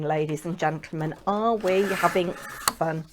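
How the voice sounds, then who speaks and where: A woman's voice: fairly low pitch, lively intonation, measured pace, a little hiss or hum. A woman hosting a papercraft channel, talking through her work in a rambling, chatty way and adding lots of tag questions. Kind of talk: chatty crafting vlog.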